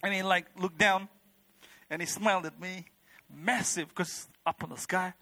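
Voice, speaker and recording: A man's voice: high voice, fairly even intonation, moderate pace, vocal fry, sharp tone, dry recording. A man telling a personal testimony to a church congregation, rambling and heartfelt, with many fillers like "you know" and "like". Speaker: church member giving a testimony.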